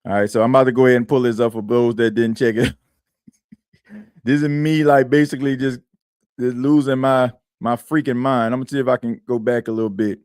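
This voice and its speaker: A man's voice: medium pitch, flat delivery, a little fast, darkish tone, clear, resonant tone, no room sound, clean studio sound. A man hosting a sports podcast in casual chat, rambling and slangy, repeating himself as he talks.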